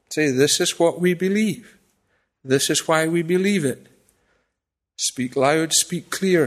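A man preaching a sermon to his congregation. He swings from raised, declaiming passages to quiet, confiding asides, with self-deprecating humour. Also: medium pitch. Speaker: pastor.

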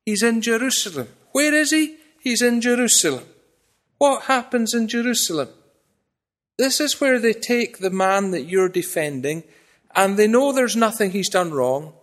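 A man preaching a sermon to his congregation. He swings from raised, declaiming passages to quiet, confiding asides, with self-deprecating humour. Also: high voice. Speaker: pastor.

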